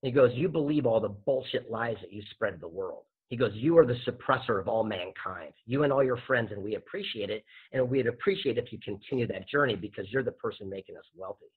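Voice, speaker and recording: A man, a podcast guest and author, telling a story with lively acted-out dialogue. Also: lowish voice, fairly quick, hardly any pauses, breathy edge. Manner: animated storyteller acting out dialogue. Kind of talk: storytelling interview answer. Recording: tinny phone-like line.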